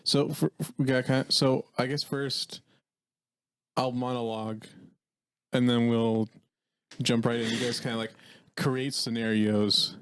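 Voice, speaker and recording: A man's voice: medium pitch, steady tone, unhurried, long pauses, clean tone. A man hosting a comedy podcast, rambling and laughing as he sets up an improv bit. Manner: rambling, laughing, switching mock accents. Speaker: podcast host.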